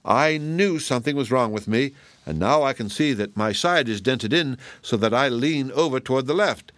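Man doing a storybook tin man, touchy and complaining, voice pitched up a little. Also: lively intonation, normal speed, a bit bright, no room sound, lightly acted. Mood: aggrieved. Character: tin man, gentle but touchy and quarrelsome.

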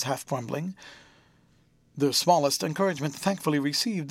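Guy reading an old novel out loud, voice bouncing all over, dry close sound. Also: on the high side, moderate pace, no echo. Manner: expressive, storytelling. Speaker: audiobook narrator. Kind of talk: scripted narration of a classic novel.

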